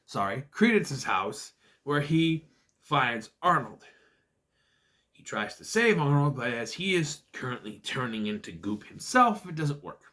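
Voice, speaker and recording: A man's voice: medium pitch, animated, a little slow, pushed and bright. A man casually recapping a bad movie with sarcastic asides, jumping into exaggerated voices for the characters' lines. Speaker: movie reviewer.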